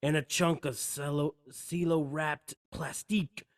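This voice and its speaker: Guy reading script stage directions, slow, dry sound, trips on words. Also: on the high side, fairly even intonation, no echo. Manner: stumbles and restarts on words. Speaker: podcast co-host. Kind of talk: reading screenplay action lines aloud.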